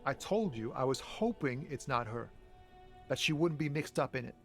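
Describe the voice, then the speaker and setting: Game role: a man voicing a relaxed, guarded trucker, slangy, mid-range voice. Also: medium pitch, moderate pace, soft background music, natural voice. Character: laid-back, wary male truck driver. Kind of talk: video game voice acting.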